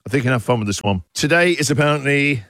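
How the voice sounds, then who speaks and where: A man hosting a radio show, joking in playful banter and shouting pirate puns. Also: mid-range voice, expressive, rapid-fire, dry recording, studio quality. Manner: playful, punning, bursts into shouted pirate growls. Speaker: radio breakfast host.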